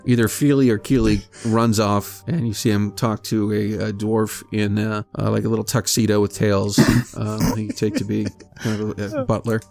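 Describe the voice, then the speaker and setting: A man narrating as game master in a tabletop game, relaxed and hesitant with frequent ums. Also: on the low side, normal speed, creaky, hardly any pauses, soft background music.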